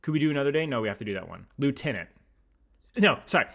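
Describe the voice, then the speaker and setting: Chatting casually about pronunciation, this young streamer sounds out words quickly in a bright, forward, creaky voice. The pitch swings widely, mock-outraged yells keep erupting, and the whole thing is animated and unscripted.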